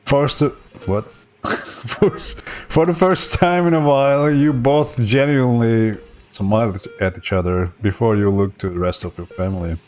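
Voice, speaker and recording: A man's voice: mid-range voice, unhurried, a little mellow. A young man streaming a game, reading its story text aloud with laughing, joking asides. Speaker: gaming streamer.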